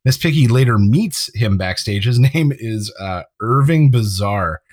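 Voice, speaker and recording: A man's voice: on the low side, lively intonation, unhurried, a little mellow, no room sound. A man co-hosting a casual chat, recapping an episode and sharing trivia, often laughing as he talks. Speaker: podcast co-host.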